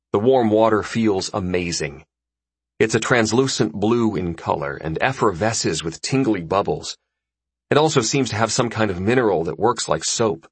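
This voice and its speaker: A man narrating a first-person story in an expressive audiobook reading. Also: fairly low pitch, normal speed, slightly rough, dry recording.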